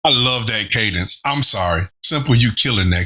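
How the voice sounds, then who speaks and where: A man reacts to an album in a casual, talkative way, getting excited and picking apart the bars. His voice is bright and forceful. He talks in loose slang and swears now and then. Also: lowish voice, moderate pace, breathy edge, faint music behind. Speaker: host reviewing an album.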